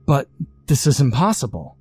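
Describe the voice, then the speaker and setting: A man voicing a panicked, hot-tempered young demon boy who pleads and shouts. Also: mid-range voice, huge pitch swings, moderate pace, breathy edge, dry recording, soft background music, voice pushed up. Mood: frantic.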